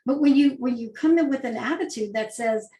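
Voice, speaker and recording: A woman's voice: high voice, fairly quick, dark tone, reverberant, rough recording. A woman, an agile coach, giving a conversational talk with rhetorical questions. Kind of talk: presentation talk.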